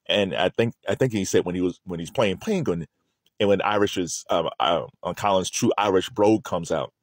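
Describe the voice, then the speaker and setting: A man's voice: deep voice, a little fast, dry recording, clean studio sound. A man hosting a video, talking casually and laughing often as he chats to the camera. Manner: animated, laughs often, loose and chatty. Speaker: video host.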